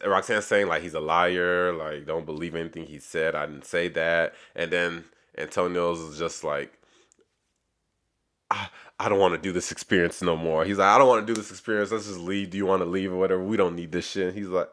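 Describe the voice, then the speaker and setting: A man with a low voice that still cuts through crisp and bright. He retells a reality show episode in loose, casual recap talk, stumbling and restarting as he acts out the back-and-forth. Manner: rambling retelling with many restarts and quoted dialogue.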